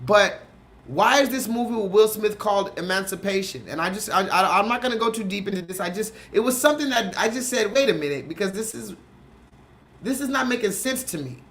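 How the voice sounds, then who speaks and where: A man's voice: high-pitched, brisk, a bit bright. A man hosting a livestream, ranting in casual, profane commentary and firing questions at his chat. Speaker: streamer host.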